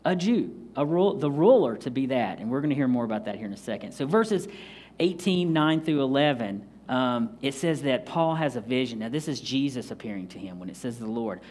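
A man preaching a conversational Bible study sermon, acting out scenes with quick asides. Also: mid-range voice, animated, darkish tone. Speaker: pastor.

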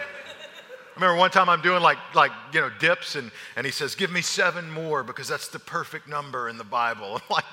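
A middle-aged man preaching a sermon, an animated storyteller who acts out his own lines. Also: on the high side, fairly quick. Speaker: pastor. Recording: long hall reverb.

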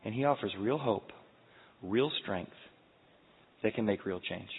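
A man's voice: lowish voice, measured pace, vocal fry, husky. A man in his forties preaching a sermon, telling personal stories in an earnest, confessional way. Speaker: pastor. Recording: phone-like sound with long hall reverb.

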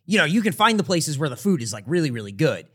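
A man hosting a podcast, telling an anecdote in a casual, animated way and acting out the people in it. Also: on the high side, quick pace, breathy edge. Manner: animated storyteller, laughs often, acts out the people he quotes. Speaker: podcast host. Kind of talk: casual storytelling chat.

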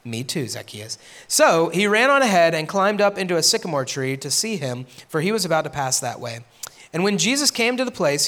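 A man's voice: high voice, fairly bright tone. A man teaching a casual Bible lesson to middle schoolers as a youth pastor, reading scripture aloud with asides and checking in with "right?". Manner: conversational, checks in with frequent "right?".

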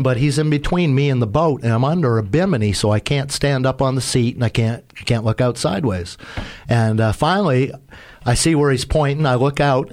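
Male, casual storyteller, rambling and self-deprecating, talks about boats. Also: medium pitch. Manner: rambling, self-mocking, acts out quoted shouts. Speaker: sailor telling a sea story.

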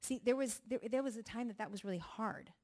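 A middle-aged woman giving a personal testimony talk at a ministry gathering, telling her story with animated, acted-out voices. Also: fairly high pitch, fast talker.

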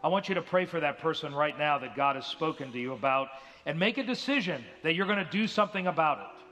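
A man's voice: a little high, lively intonation, fast, bright, forceful tone, big-room sound, soft background music. A male pastor preaching an earnest sermon in a church, now and then acting out the voices of people in his stories. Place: church sanctuary.

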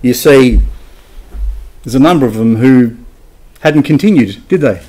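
A man's voice: mid-range voice, expressive, a little slow, mellow. A man preaching a sermon in a church, emphatic and asking his congregation rhetorical questions. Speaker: pastor.

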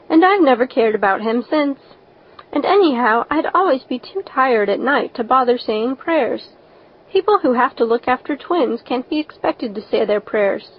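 Brief: an eager, chatty, imaginative orphan girl, as a woman reader puts her on. High-ish, dull recording. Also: slightly rough. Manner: eager, talkative, dreamy.

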